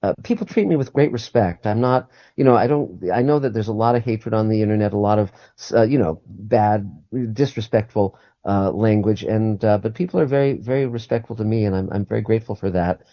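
A man's voice: fairly low pitch, fairly quick, few pauses, no room sound, highs cut off. A man guest on a call-in radio show, talking earnestly and often repeating and restarting his words.

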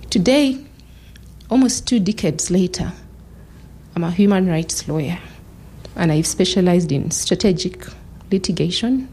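A woman in her thirties, a human rights lawyer, telling a personal story in a talk with a measured, reflective delivery and pauses. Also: fairly low pitch, warm tone, a little hiss or hum, low-quality recording.

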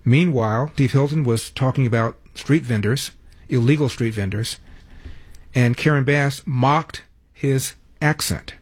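Brash older talk radio host. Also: male voice, mid-range voice, unhurried, husky, no echo. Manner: brash, sarcastic, reads ads and phone numbers.

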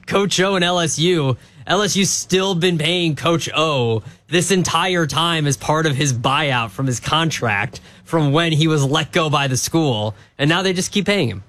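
A man's voice: fairly high pitch, measured pace, few pauses, fairly bright tone. A man co-hosting a sports radio show, chatting casually and teasing his partner. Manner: teasing, joking.

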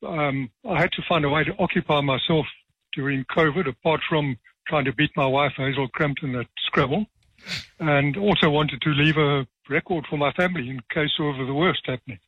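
Man in his 70s, husky, slightly high voice, dry humour, muffled studio sound. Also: normal speed, no echo. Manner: dry, self-deprecating humour. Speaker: retired judge, guest. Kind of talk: radio interview, storytelling.

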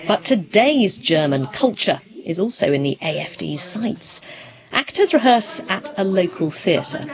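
Female foreign correspondent, measured report voice, animated pitch, slightly muffled audio. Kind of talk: news report narration.

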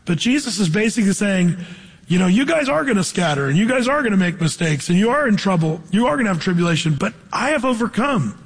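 Middle-aged male preacher, high husky voice, animated, long hall reverb. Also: quick pace. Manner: animated preaching, quotes scripture and acts out voices. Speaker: pastor. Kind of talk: sermon.

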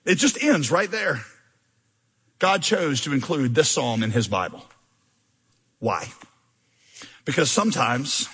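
A man preaching a conversational, animated sermon as pastor, mixing self-deprecating humor with intense scripture reading. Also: a little high, normal speed, long pauses, slightly rough. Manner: reads scripture with rising intensity.

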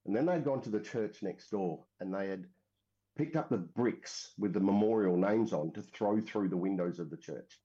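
A man's voice: lowish voice, normal speed, mellow. A man with an Australian accent, a military veteran, telling a long story casually in an interview, full of fillers and restarts. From Western Australia. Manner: rambling, frequent fillers and restarts. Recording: dull lo-fi audio.

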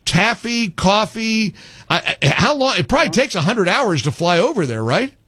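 An older man hosting a call-in radio show, his voice rising and falling in big animated swings, often exasperated and joking with callers. The sound is dry and close, straight from a studio mic. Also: sits high, fairly quick, slightly rough, no echo. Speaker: radio talk show host.

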